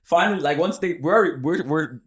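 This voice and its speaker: A young man hosting a podcast, telling a story in casual chat, animated and swearing, acting out what people said. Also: a little high, normal speed, husky. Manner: animated, swearing, acts out quotes. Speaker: podcast host.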